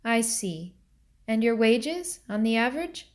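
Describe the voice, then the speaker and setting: A woman reading the part of a stern, formal middle-aged male mill agent in a storybook, questioning in a measured way. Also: a little high, big pitch swings, a little mellow.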